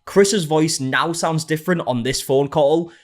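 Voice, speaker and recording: A man's voice: a little high, measured pace. A man hosting an online drama commentary, recapping events and reading comments aloud in a conversational way. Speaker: commentary host.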